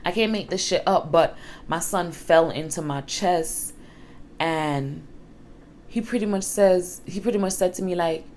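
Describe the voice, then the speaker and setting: A woman's voice: fairly low pitch, unhurried, a little mellow, a little hiss or hum. A young woman, a single mother, telling a personal story to the camera in a frank, emphatic way, swearing casually.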